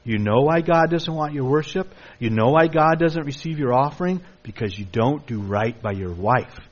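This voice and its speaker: A man preaching a sermon emphatically, reading scripture aloud and sometimes mimicking excuses in a higher voice. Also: animated, moderate pace, muffled recording. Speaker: pastor.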